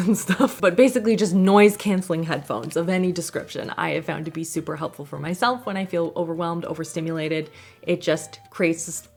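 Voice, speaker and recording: A lifestyle vlogger with a fairly low, gravelly voice casually goes through products she uses at home. She's chatty and rambling, often laughing between thoughts.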